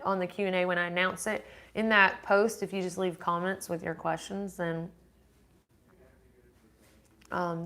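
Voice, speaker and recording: A woman's voice: fairly low pitch, fairly bright tone. A woman hosting a casual live-stream Q&A, reading viewer comments aloud and answering them in a rambling, chatty way. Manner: rambling with frequent restarts.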